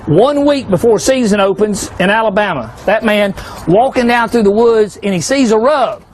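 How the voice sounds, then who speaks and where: High-voiced man telling hunting tales. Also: expressive, normal speed, a little hiss or hum. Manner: folksy, asks the crowd rhetorical questions, joking. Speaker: hunting seminar speaker. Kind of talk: folksy storytelling talk to a live audience.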